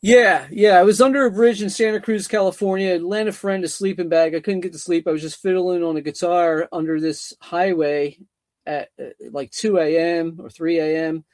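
Interview guest, middle-aged man, higher voice, loose rambling delivery, close dry sound. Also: fairly even intonation, normal speed, darkish tone, no room sound. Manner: rambling, repeats words, frequent fillers. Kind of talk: casual interview storytelling.

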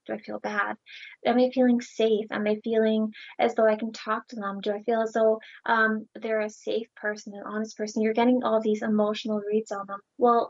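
A woman's voice: medium pitch, dry recording, dull audio. Earnest woman explaining at length. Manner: earnest, explanatory, with rhetorical questions. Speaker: guest. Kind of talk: casual conversation.

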